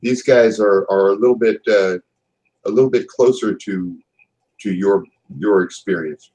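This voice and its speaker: Give me a man doing a stern, wry company boss in a tabletop game, low and measured. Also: a little mellow, rough recording. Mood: businesslike. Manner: measured, businesslike, hesitant with fillers.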